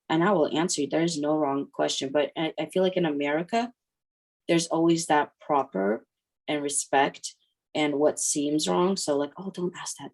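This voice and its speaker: A low-pitched woman. She talks as a guest in a relaxed interview, telling stories and slipping into the voices of the people she quotes. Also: vocal fry. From Ukraine. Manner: lively storytelling that acts out quoted voices. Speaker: guest, mother. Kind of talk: casual interview.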